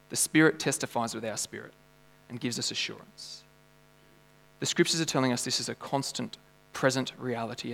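A man, preaching a sermon earnestly, moving between loud emphasis and quiet, intimate moments. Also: mid-range voice, creaky. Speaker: pastor. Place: church hall. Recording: reverberant hall with mains hum.

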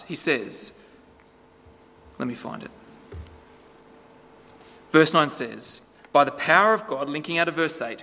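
This sermon comes from a man with a bright, forceful voice that sits on the high side. He speaks conversationally and keeps asking the audience rhetorical questions, all heard through a long hall reverb.

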